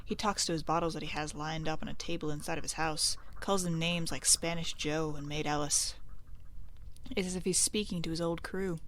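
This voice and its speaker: A woman's voice: low voice, fairly even intonation, brisk, a bit bright, slight background noise. A woman voicing chatty, old-fashioned small-town townsfolk gossiping in a worried way. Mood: gossipy.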